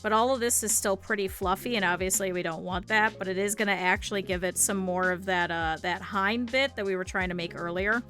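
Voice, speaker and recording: Bright-voiced chatty Midwestern woman. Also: medium pitch, steady tone, a little fast, hardly any pauses, soft background music. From northern Ohio, US. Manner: rambling, chatty, thinks aloud. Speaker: VTuber streamer. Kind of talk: casual chat while crafting.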